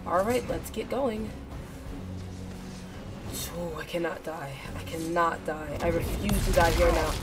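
Excitable woman streamer yelling at a game. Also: on the low side. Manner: excitable, yells at the game, repeats phrases rapidly. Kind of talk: live gameplay commentary. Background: game music.

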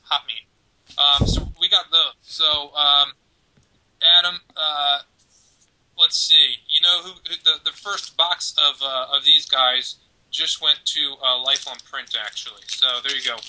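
Bright rambling male podcast host. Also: a little high, fairly even intonation, unhurried, poor audio. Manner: rambling, joking, many fillers and restarts. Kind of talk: casual chat, giving away prizes.

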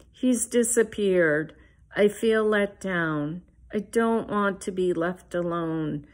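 Slow, measured woman reading her fiction. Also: lowish voice. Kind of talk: literary reading.

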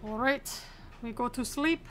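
A woman's voice: a little high, measured pace, close to an everyday voice. A young woman gaming host playing a formal, clipped woman border inspector in a put-on mock foreign accent. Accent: put-on mock accent from the game's fictional country. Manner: formal, clipped officious phrasing. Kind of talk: playing a game in character.

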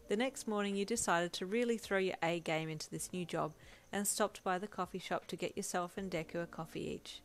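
A woman reading a fanfiction story aloud in steady, gentle second-person narration. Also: on the low side, a little fast. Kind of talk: scripted narration.

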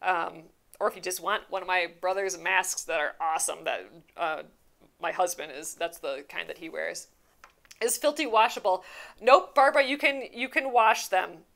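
A woman's voice: lowish voice, moderate pace, creaky, fairly bright tone. Chatty woman hosting a live craft stream. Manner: chatty and rambling, many fillers and restarts, laughs easily. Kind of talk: casual live crafting chat, answering viewer comments.

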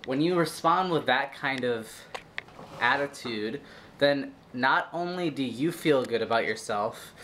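A man's voice: mid-range voice, expressive, a little slow, a bit bright, slight background noise. A man vlogging, giving an earnest, upbeat pep talk in a rambling, casual way with lots of fillers. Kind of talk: casual motivational vlog talk.

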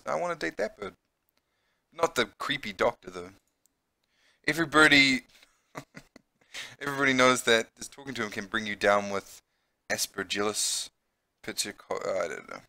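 Kiwi guy reading a dating game out loud, chatty, explains words like a teacher, bright voice. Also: medium pitch, no room sound. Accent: New Zealand. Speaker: English teacher. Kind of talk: reading a visual novel aloud with commentary.

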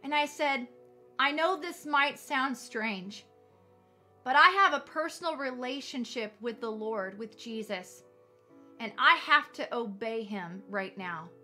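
A woman's voice: fairly high pitch, expressive, takes it slowly, pushed and bright, soft background music. A woman telling a personal faith testimony in a fervent, emphatic storytelling manner, as a ministry leader addressing her viewers. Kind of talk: testimony sermon.

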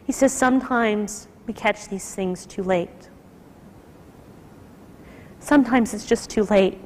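A woman's voice: medium pitch, takes it slowly, a little hiss or hum. A woman telling a personal story to an audience, emotional, acting out the people she quotes. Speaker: speaker at a nursing school talk. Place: lecture hall. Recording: lecture hall with long reverb.

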